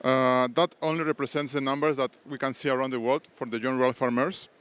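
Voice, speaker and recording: Male founder, mid-pitched, clear smooth voice, hesitant stage pitch. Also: steady tone, fast talker, fairly bright tone. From Peru. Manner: hesitant, many restarts and fillers. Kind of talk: conference pitch. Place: conference stage.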